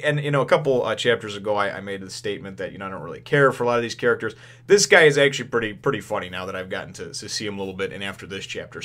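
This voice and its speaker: A man of middle pitch talks through a manga chapter in a loose, casual review. He wanders through his retelling, fills the gaps with lots of filler words and keeps breaking into amused chuckles. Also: pushed and bright. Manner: rambling, chuckling often, many fillers.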